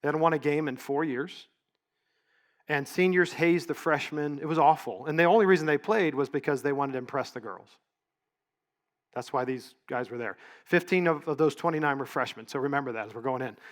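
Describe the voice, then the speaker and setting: A middle-aged man speaking at a leadership event and telling stories in a relaxed, conversational way, sometimes catching and correcting his own words. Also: on the high side, brisk. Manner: conversational, story-driven, with small self-corrections. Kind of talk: storytelling keynote talk. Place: event stage.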